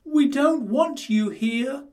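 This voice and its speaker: A man reading a storybook aloud and voicing the little pig brothers in a high, squeaky falsetto. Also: takes it slowly, darkish tone. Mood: scared.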